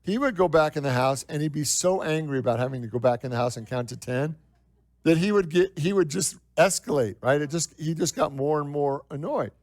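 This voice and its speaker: A male minister preaches to his congregation in an easy, conversational way, piling up repeated phrases and rhetorical questions, then slowing right down on the lines that matter. His voice sits a little high for a man. The sound is dry and close, with almost no room around it. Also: darkish tone, dry recording. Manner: repeats phrases for emphasis, slows down for key lines. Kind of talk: sermon. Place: church.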